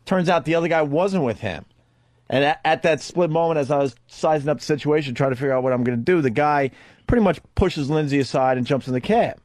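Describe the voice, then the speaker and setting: A man's voice: a little high, fast talker, darkish tone, no echo. A man hosting a radio talk show in a studio, telling a rambling, profane story into a studio microphone.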